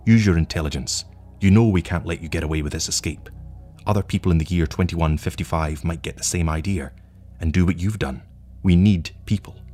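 A man's voice: low voice, lightly acted. Man doing a cold, patient future agent. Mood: menacing. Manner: calm, wry, languid, measured.

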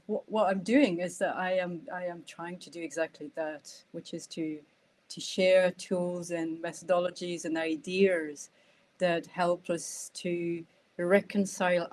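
Woman, Scottish accent with French and Irish traces, hesitant, fairly low voice. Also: darkish tone. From France. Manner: hesitant, frequent restarts, laughs often. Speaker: guest, nonviolent communication trainer. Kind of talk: casual conversation.

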